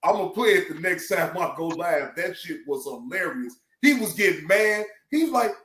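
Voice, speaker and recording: Male live-stream host, high-pitched, animated and profane, roomy sound. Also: moderate pace, hardly any pauses. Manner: animated, loud laughter, profane. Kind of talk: casual live-stream chat.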